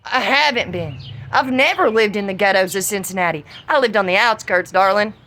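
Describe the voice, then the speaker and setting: A middle-aged woman with a Southern US accent, venting in a profane, confrontational vlog monologue that rises to shouts. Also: medium pitch, a little fast. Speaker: vlogger.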